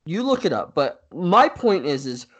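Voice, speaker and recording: A man co-hosting a casual sports podcast, talking in an animated way with frequent fillers and easy laughter. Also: sits high, moderate pace, husky. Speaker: podcast co-host.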